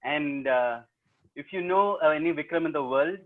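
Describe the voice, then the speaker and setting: A professional storyteller with a South Indian accent runs an interactive storytelling webinar, teasing and playing with the audience he speaks straight to. His voice is on the high side at a moderate pace. It comes through a laptop mic on a video call, sounding tinny.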